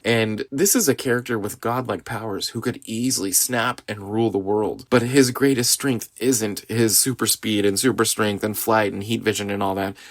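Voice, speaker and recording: A man's voice: lowish voice, a bit bright, no room sound, clean studio sound. A middle-aged man from Southeast Missouri hosting a podcast, giving an earnest, enthusiastic and rambling movie review. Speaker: podcast host.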